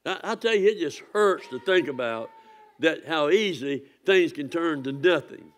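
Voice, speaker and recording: A man pastor, preaching a sermon with impassioned swings from near-shouts to hushed warnings. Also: on the high side, animated, moderate pace.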